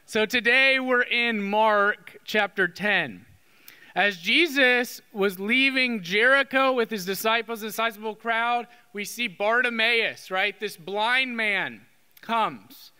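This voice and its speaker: High, bright-voiced priest in a reverberant church. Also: male voice, slow, clean tone. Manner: conversational, with frequent "okay?" tag questions. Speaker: Catholic priest. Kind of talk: sermon. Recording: long reverb of a church hall.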